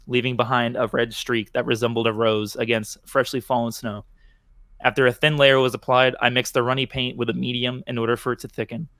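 A man's voice: mid-range voice, pushed and bright, no room sound, studio quality. Male podcast host reading a horror story. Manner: stumbles and restarts, laughing at slips.

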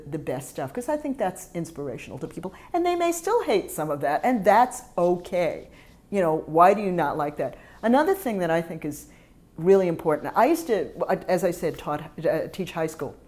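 Middle-aged woman, ex teacher, lively up and down voice, gets emotional, acts out what kids say. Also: medium pitch. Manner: animated and emotional, acts out classroom exchanges. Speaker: former high school teacher. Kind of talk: casual interview talk about teaching poetry.

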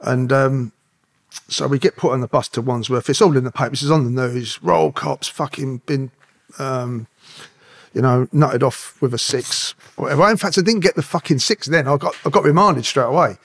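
A man's voice: mid-range voice, normal speed, fairly bright tone, husky. A middle-aged man, a podcast guest and former police officer who tells stories profanely, swearing constantly and acting out the dialogue. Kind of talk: profane anecdotal storytelling.

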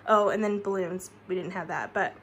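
A woman's voice: lowish voice, moderate pace, a little hiss or hum. A woman in her thirties giving a chatty home tour vlog, recorded on a handheld phone in the rooms of a basement. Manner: chatty, laughs often, drops to a whisper in a spooky room. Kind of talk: casual walkthrough vlog.

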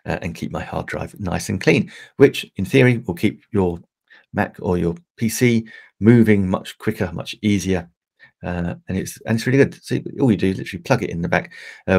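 A man's voice: low voice, vocal fry, a little mellow. A middle-aged English man chatting casually on a livestream, rambling with many fillers and restarts. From England. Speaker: livestream host.

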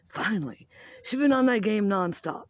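A woman in her fifties rants at home about everyday annoyances, in a rambling, foul-mouthed, self-mocking way. Her voice sits at a middling pitch, and the sound is dry and close. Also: lively intonation, moderate pace, dry recording. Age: 50s. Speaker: vlogger. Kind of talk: casual rant.

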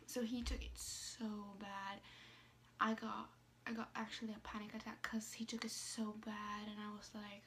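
Young woman vlogging, kinda high but really flat, lots of ums and restarts, bit of hiss behind. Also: moderate pace. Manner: hesitant, many fillers and restarts, soft asides. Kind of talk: casual personal storytelling.

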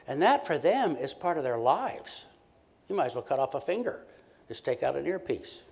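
A man, a professor, giving a conversational and animated keynote lecture to a conference audience. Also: mid-range voice, moderate pace, gravelly. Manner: conversational, animated, acts out short quoted exchanges.

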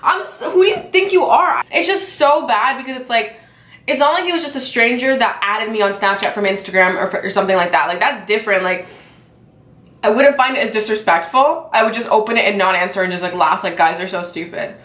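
A woman's voice: medium pitch, fairly quick, a bit bright. A young woman vlogging a casual mukbang, ranting in a chatty, exasperated way full of fillers while eating and chewing at her table at home. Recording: echoey room.

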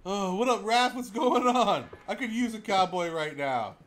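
A young man giving excitable live commentary while he plays a game, laughing and shouting as he reacts. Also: high voice, moderate pace. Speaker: streamer.

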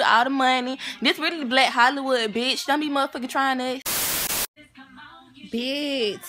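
Young atlanta woman, brash cussing skit voice, kinda high pitched. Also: sharp tone. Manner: brash, profane, confrontational. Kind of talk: comedic skit monologue.

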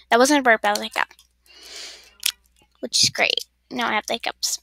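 A woman's voice: on the high side, steady tone, moderate pace, creaky, pushed and bright. A woman streamer chatting casually while playing a game, rambling and talking to her chat.

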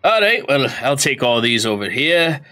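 A man's voice: mid-range voice, big pitch swings, normal speed, pushed and bright, faint music behind. A man doing a lanky, laid-back half-dwarf stable hand. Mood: chatty. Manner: laid-back, drawling, chatty.

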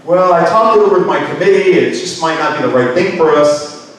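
A man's voice: fairly high pitch, fast talker, heavy reverb, far from the mic, lightly acted, rough recording. A man acting out a hard-nosed buyer who belittles a salesperson. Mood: scornful.

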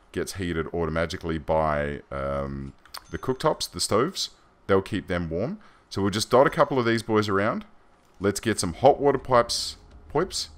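An Australian man giving chatty, rambling gameplay commentary as a let's play host, self-deprecating and loose. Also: deep voice.

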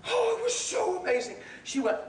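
A man preaching a sermon and telling stories, animated, laughing, and shouting at the peaks. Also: very high voice, brisk, very noisy. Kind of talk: sermon with storytelling. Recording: echoey hall from far off with crowd.

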